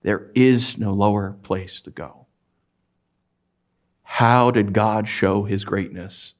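A pastor preaching a conversational sermon in a church, animated and questioning the congregation. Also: male voice, lowish voice, slow pace. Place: church sanctuary.

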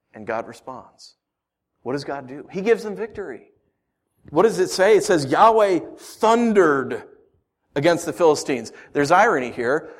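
A man preaching a sermon, swinging from hushed lines to emphatic ones and asking rhetorical questions. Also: high voice. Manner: rhetorical questions, storytelling asides. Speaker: pastor.

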